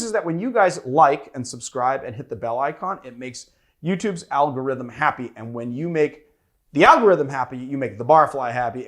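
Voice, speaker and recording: A man hosting a cocktail show in casual chat, playfully teasing his co-host. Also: mid-range voice.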